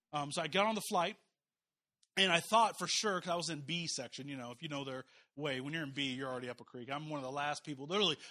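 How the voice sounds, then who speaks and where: A middle-aged man preaching in a chatty, joking way, looping back through fillers and restarts. His voice sits high for a man and rings very bright and sharp. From Kansas City, US Midwest. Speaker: pastor. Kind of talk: casual storytelling sermon.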